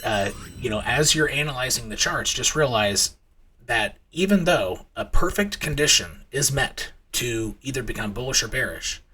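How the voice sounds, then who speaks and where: This is a casual crypto trading channel host, bright and husky-voiced, wandering through anecdotes and chart talk. Fillers and restarts come often, and he mimics his children in high-pitched squeals.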